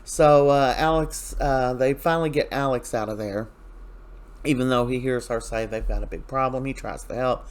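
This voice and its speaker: A man's voice: medium pitch, moderate pace. A man hosting a casual soap opera recap, chatty and opinionated, retelling scenes with loose asides.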